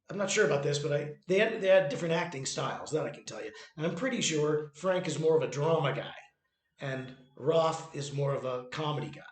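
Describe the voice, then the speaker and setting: A man in a room full of echo talks loosely about a play he wrote. His voice sits a bit high, and he keeps stumbling, restarting and circling back to his points. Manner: rambling, many restarts and fillers. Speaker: playwright and author presenting his own work. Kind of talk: casual spoken commentary. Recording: echoey room.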